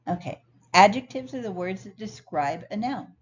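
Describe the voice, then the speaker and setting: A woman instructor explaining grammar clearly and patiently in a recorded lecture over slides. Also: mid-range voice, lively intonation, moderate pace. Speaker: ESL instructor. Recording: dull lo-fi sound, faint noise.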